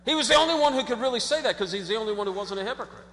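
A man preaching a sermon as pastor, in an animated conversational way, acting out quotes and often restarting his sentences. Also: extremely high pitch, rapid-fire. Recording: long hall reverb.

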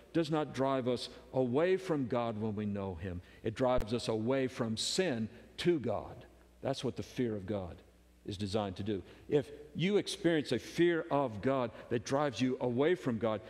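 A man preaching a sermon as pastor, emphatic, moving between loud urgency and hushed intensity. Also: medium pitch, long reverb tail.

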